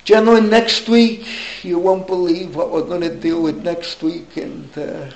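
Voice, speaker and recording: A man in his eighties, a rabbi teaching an informal class, telling rambling, animated stories with asides to his listeners. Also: sits high, unhurried, vocal fry, reverberant, rough recording. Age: 80s. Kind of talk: informal Torah class talk.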